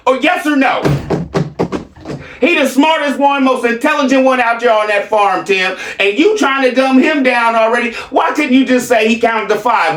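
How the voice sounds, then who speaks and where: A man's voice: very high voice, expressive, normal speed, a bit bright, roomy sound, far from the mic. A man doing reaction commentary, mocking and theatrical, with a repeated catchphrase.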